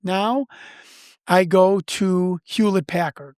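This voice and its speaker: A man from Chicago, an investigator and podcast guest, telling a story fast with many repeated words and restarts. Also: sits high, fairly even intonation, a little mellow, smooth, no echo, clean studio sound. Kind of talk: animated storytelling in an interview.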